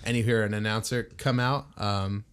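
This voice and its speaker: A man's voice: fairly low pitch, moderate pace, a little hiss or hum. A man running a tabletop game as game master, narrating in a loose, rambling way with lots of fillers. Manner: relaxed and rambling, many fillers and restarts.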